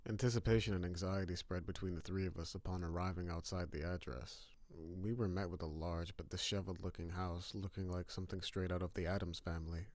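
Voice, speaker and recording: A man with a very low, deep voice narrates a horror story in a steady, grim tone. The recording is dry and close, with no room sound. He reads it as scripted narration. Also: brisk, few pauses, no echo.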